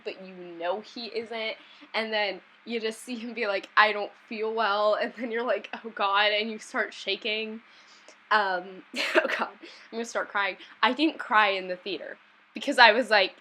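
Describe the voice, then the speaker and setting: A young woman talks in a loose, rambling way, full of fillers and false starts, as she chats to her viewers. Her voice is bright and clear. A faint hiss sits under the recording. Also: mid-range voice, low-quality recording. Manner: rambling, many fillers and restarts, laughs often. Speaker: vlogger. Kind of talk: casual chat.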